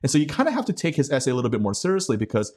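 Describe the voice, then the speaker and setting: Male co-host, mid-range voice, animated and explanatory, lots of fillers. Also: mid-range voice, racing. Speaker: podcast co-host. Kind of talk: casual tech chat.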